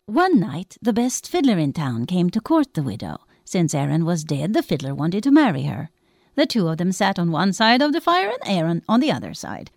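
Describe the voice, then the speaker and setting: A woman telling a spooky folktale aloud in an expressive storytelling voice. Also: medium pitch, no echo, clean studio sound. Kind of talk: told folktale.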